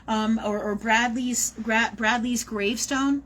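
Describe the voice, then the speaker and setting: A woman's voice: a little high, steady tone, a little slow, fairly bright tone, a little hiss or hum, poor audio. A woman talking casually and animatedly as a medium in a live-streamed reading, swearing now and then. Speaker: psychic medium.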